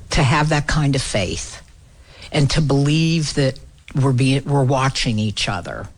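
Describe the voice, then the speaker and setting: A woman's voice: very deep voice, unhurried. Female guest speaker, earnest, spins a story with dialogue. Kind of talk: storytelling talk.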